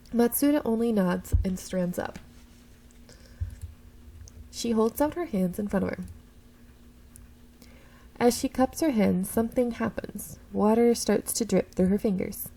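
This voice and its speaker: Gravelly woman reading a story game. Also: medium pitch, low-quality recording. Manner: expressive first-person reading, slips and corrects herself. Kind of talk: reading a visual novel aloud with asides.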